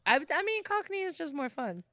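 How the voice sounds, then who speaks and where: A woman's voice: very high voice, very animated, brisk, bright, forceful tone, no room sound, studio quality. A woman co-hosting a casual movie podcast, making wry remarks. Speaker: podcast co-host. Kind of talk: casual movie-review chat.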